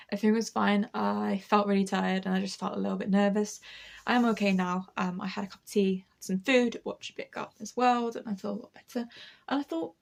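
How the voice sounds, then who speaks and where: A woman, chatting casually in her vlog and laughing often as she talks herself calm. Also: mid-range voice, gravelly, dry recording. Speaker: artist vlogger. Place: outdoors on a walk, then at home.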